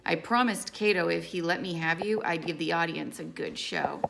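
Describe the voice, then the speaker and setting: A woman voicing a cruel, taunting teenage girl fighter in an audiobook reading, with mocking, drawn-out taunts. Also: fairly low pitch, gravelly, a bit bright, slight background noise.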